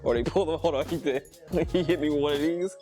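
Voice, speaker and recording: A man vlogging, telling a personal story in a casual, animated way, laughing often and acting out the people he quotes. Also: fairly high pitch, quick pace. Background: music.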